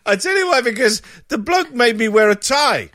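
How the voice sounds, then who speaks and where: In a clean, dry studio recording, a male comedian guest speaks in a very high voice. He's a lively storyteller, sharing anecdotes during an interview and performing the voices of the characters he describes.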